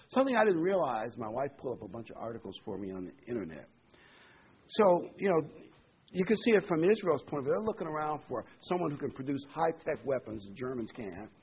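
A middle-aged man preaches with insistent, repeated emphasis, his voice husky and mid-pitched. He reads scripture aloud and swings between loud and quiet. The recording sounds dull and lo-fi. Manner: emphatic, repeats phrases, rising and falling loudness. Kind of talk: prophecy sermon with scripture reading.

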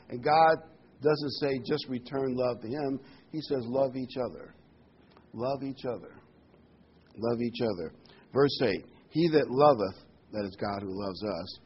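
A man's voice: mid-range voice, highs cut off, a little hiss or hum. A man giving a sermon, earnest and emphatic, repeating key words and reading scripture aloud. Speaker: preacher.

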